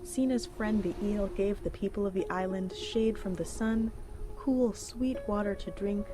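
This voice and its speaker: A woman narrating a folk tale in a gentle, clear storybook style. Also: mid-range voice, unhurried. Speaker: narrator and cooking host. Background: music.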